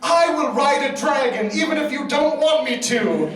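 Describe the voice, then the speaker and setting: Man voicing haughty young dragon queen, high lively voice, far mic, crowd. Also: normal speed. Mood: grandiose. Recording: distant mic, echoey convention hall, audience.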